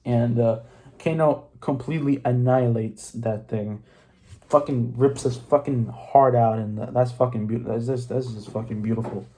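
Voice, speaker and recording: A man's voice: medium pitch, fairly even intonation, moderate pace, warm tone. A young man casually recapping a film, rambling and correcting himself, laughing often and swearing freely. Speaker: movie reviewer.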